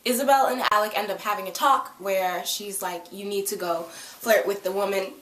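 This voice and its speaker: A woman's voice: mid-range voice, fairly even intonation, moderate pace, fairly bright tone, far from the mic. Young woman vlogger recapping a show with giggly, chatty energy; echoey room, voice set back from the mic. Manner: chatty, giggly, acts out characters' lines. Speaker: TV episode reviewer. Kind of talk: casual recap vlog.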